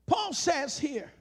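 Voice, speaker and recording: A man with a very high-pitched, gravelly voice preaches a sermon emphatically and rhythmically. He repeats phrases and calls on the congregation to answer back in call-and-response style.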